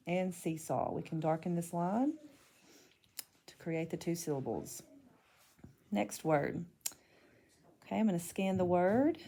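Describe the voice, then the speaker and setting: A woman teaching a phonics lesson, calmly narrating each step as she marks and divides words. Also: lowish voice.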